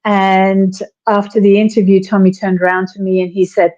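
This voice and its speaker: Woman reminiscing, mellow dull-sounding line. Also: mid-range voice, flat delivery, normal speed, few pauses. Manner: reminiscing, storytelling with quoted lines. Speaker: interview guest, widow. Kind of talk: conversational interview.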